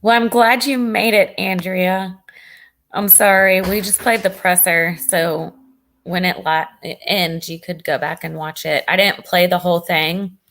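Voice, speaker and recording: A woman hosts a casual livestream with a fairly low voice. She talks earnestly and reads out comments from her viewers as she goes. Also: fairly even intonation, unhurried, a bit bright. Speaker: livestream host.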